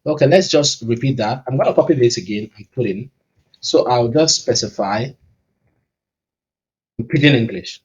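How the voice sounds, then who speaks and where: A tech YouTuber from Nigeria, a man with a Nigerian accent, talks casually and upbeat through a screen-recording tutorial while thinking aloud. His mid-range voice is expressive at a moderate pace, pausing often, and the audio is poor.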